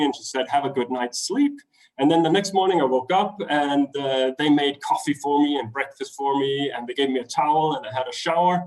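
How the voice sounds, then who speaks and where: This travel speaker from Denmark has a voice on the high side and a Danish accent, captured roughly through a webinar computer mic. Animated throughout, he recounts a trip during a web talk and performs the voices of the people involved.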